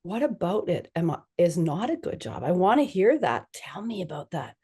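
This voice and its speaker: A woman physician, a guest on a conversational podcast interview, animatedly acts out the dialogue she quotes. Her voice sits on the low side, very animated and mellow with a breathy edge, at a moderate pace.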